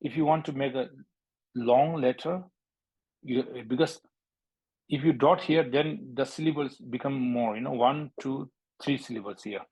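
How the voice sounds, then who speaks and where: A man from Bhutan teaching a language lesson, speaking halting English, repeating words and drilling sounds aloud. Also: mid-range voice, a little mellow, breathy edge, no room sound, lo-fi sound.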